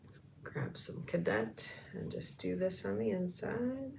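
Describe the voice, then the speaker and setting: A woman's voice: mid-range voice, a little slow, creaky, a little mellow, a little hiss or hum. A woman talking viewers through a craft project in a chatty tutorial, often dropping into whispers as she works. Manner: chatty, talks to viewers while working, often drops to whispers. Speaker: craft demonstrator. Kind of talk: casual craft tutorial chat.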